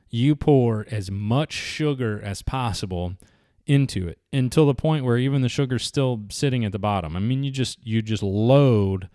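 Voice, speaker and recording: A man's voice: lowish voice, a little mellow, no echo, clean studio sound. A man, telling rambling travel stories to camera in a casual, chatty way. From Southeastern United States. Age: 40s. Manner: rambling, chatty, with many restarts and fillers. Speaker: vlogger. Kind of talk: casual storytelling.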